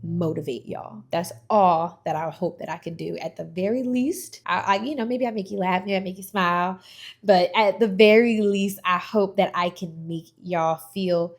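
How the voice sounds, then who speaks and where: A young woman talking to her viewers in an animated, emphatic and casual way, giving motivational advice on her vlog. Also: medium pitch, normal speed. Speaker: vlogger. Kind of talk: motivational vlog talk to the camera.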